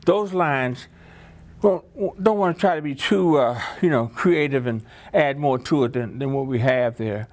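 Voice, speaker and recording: Male workshop trainer, encouraging and upbeat, mid-pitched voice, coaching a group exercise. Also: moderate pace, darkish tone.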